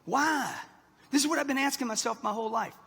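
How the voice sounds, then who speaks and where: Speaking quickly in a very high-pitched, gravelly voice, this motivational speaker in his sixties sounds bright, forceful and slightly rough. He works a live crowd in a large, echoing hall, driving points home with "okay?" and "right?".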